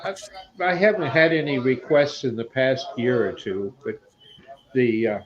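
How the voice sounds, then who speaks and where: Man, casual chat, slow hesitant delivery, dull lo-fi call audio. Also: mid-range voice, crowd noise. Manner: slow, hesitant, many pauses. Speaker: woodturner. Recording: dull lo-fi sound with clear background noise.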